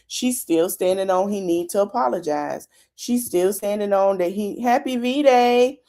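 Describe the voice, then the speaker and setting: A podcast host with a warm, mid-range voice, vocal fry, and moderate pace casually recaps a reality show. Her chatty storytelling retells what people said and adds her own commentary.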